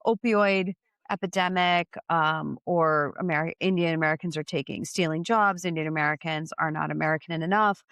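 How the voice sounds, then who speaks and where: Lower-voiced woman, measured commentator. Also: steady tone, fairly bright tone, clear, resonant tone, dry recording. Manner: measured, with frequent "um" and laughter. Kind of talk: casual podcast commentary.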